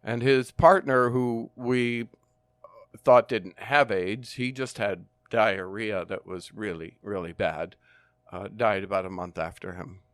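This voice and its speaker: An older man, a former firefighter and nurse, telling his story in an interview in an earnest, measured way with frequent ums and uhs. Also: on the low side, steady tone, a bit bright, no echo, clean studio sound.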